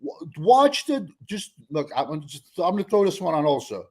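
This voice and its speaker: A man's voice: sits high, sing-song, moderate pace, darkish tone. A man arguing football in a heated sports debate, sarcastic and insistent, repeating his questions. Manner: sarcastic, argumentative, repeats himself.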